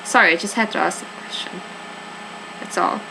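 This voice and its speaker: A woman's voice: lowish voice, normal speed, vocal fry, background noise. A woman voicing a blunt detective in a mystery game, asking pointed questions and narrating the case in a matter-of-fact way. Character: hard-nosed detective questioning murder suspects.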